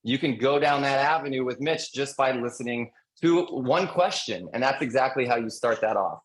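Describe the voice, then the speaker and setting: A man's voice: mid-range voice, moderate pace, low-quality recording. Upbeat man coaching real estate agents. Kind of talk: panel webinar presentation.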